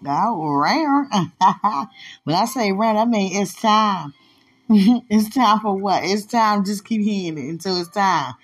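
Woman host, slow and husky, lively swooping delivery, faint music underneath. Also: medium pitch. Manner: playful, laughing, drawn-out exclamations. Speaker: podcast host. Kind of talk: affectionate casual monologue with prayer.

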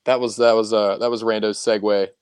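A young man with a somewhat low voice, rambling and swearing easily as he co-hosts a podcast. His talk is loose and full of "like" and "um." The sound is dry and close. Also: level tone, fairly quick, darkish tone, clean tone, dry recording. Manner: rambling, swears casually, many fillers. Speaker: podcast co-host. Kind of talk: casual chat.

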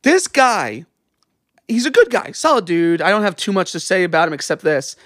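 Animated young man, rambling casual chat. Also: high-pitched, moderate pace, no echo, clean studio sound. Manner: animated, rambling, swears freely. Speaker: podcast co-host.

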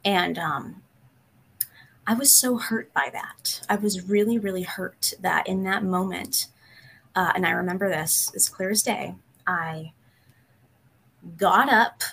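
A woman, a psychotherapist, telling a personal story in an interview, hesitant with many pauses, candid and emotional. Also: medium pitch, gravelly, a bit bright, a little hiss or hum.

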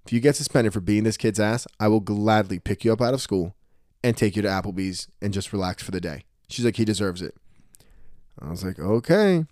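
A young man chatting casually, telling animated stories and acting out what others said. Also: fairly low pitch, fairly quick, no room sound, studio quality. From New Jersey. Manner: storytelling, animated quoting of others. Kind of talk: casual podcast chat.

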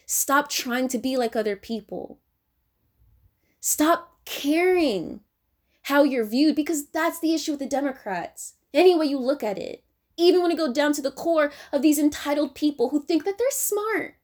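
A young woman with a high voice delivers a confrontational rant to the camera. She is blunt and swears freely, hammering her points home. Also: expressive, normal speed, darkish tone.

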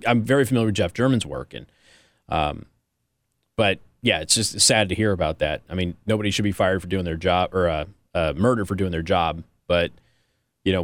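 A man hosting a satirical monologue, deadpan and mock-serious with casual fillers. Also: deep voice, dry recording. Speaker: host.

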